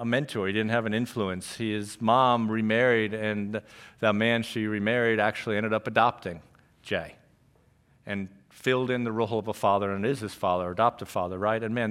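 A middle-aged male pastor from New York, with a mid-range voice, preaches a sermon as a story, dropping to a hush before rising loud again.

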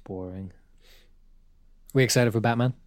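A man's voice: mid-range voice, a little slow, darkish tone, no room sound. A man co-hosting a podcast in casual chat, wry and teasing. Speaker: podcast co-host.

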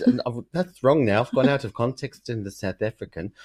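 A man's voice: medium pitch, wildly swooping pitch, fairly quick, a little mellow, husky. A man co-hosting a podcast, chatting casually in a giggly, teasing and sweary way. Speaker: podcast co-host. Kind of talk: casual chat.

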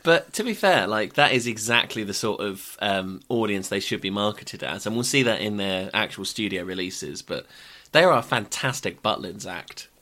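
A man's voice: lowish voice, lively intonation, normal speed, sharp tone. A young man co-hosting a podcast, chatting in an amused way and laughing easily. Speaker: podcast co-host. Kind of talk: casual chat.

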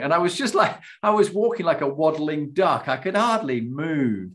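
A man hosting an interview, a former army officer, telling a lively anecdote, acting out the voices in it and laughing as he goes. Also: a little high, normal speed. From Britain. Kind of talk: conversational interview, animated storytelling.

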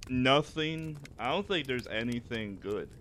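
A man's voice: mid-range voice, lively intonation, unhurried, fairly bright tone, a little hiss or hum. A man co-hosting a podcast, rambling with restarts and crude jokes in casual chat. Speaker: podcast co-host.

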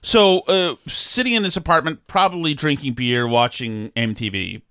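A man's voice: a little high, moderate pace, bright, forceful tone, smooth, no room sound, clean studio sound. A middle-aged man hosting a podcast, telling a rambling, jokey story with many restarts in casual chat. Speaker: podcast host.

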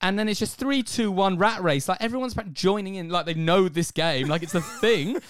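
A man from the UK, co-hosting a podcast, tells a story in a lively, laughing, jokey way. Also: high voice, moderate pace. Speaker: podcast co-host. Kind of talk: casual chat, animated storytelling.

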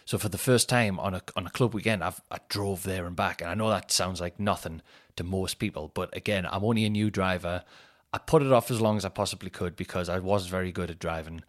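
A man, a comedian and podcast host telling stories in a rambling, sweary, animated way. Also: low-pitched, a little fast. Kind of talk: casual storytelling chat.

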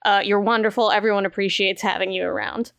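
A woman's voice: mid-range voice, little pitch movement, fast, fairly bright tone, clean tone. A woman hosting a casual podcast, introducing friends with playful teasing. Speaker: podcast host.

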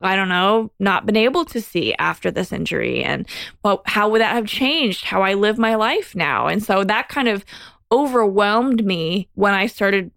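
Gravelly-voiced woman telling her story. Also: medium pitch, moderate pace, dry recording. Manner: candid storytelling, animated when quoting herself. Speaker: podcast guest. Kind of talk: casual podcast chat.

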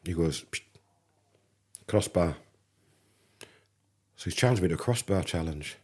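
A man's voice: sits low, measured pace, husky. A middle-aged man from England, a podcast guest, telling a casual anecdote and acting out the dialogue. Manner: animated anecdote teller, acts out dialogue. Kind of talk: casual storytelling.

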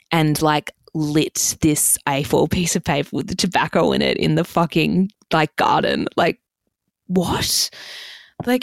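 A young woman hosts her podcast with a low, gravelly voice that keeps sinking into fry. She rambles casually through her stories, swearing freely and filling every pause with "like." The sound is dry and close, with no room around it. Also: dry recording. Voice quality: vocal fry. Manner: chatty, sweary, heavy use of "like". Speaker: podcast host. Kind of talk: casual storytelling monologue.

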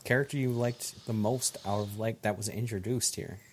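A young man hosting a casual podcast chat, talking loosely and halting often. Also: on the low side, steady tone, slight background noise. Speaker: podcast host.

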